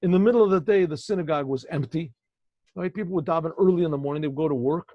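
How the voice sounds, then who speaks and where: A man's voice: fairly high pitch, racing, dry recording. A male rabbi telling a story in a chatty, digressive way, checking in with his listeners, on a video call with dull lo-fi audio. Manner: conversational, digressive, asks listeners. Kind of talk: storytelling lesson.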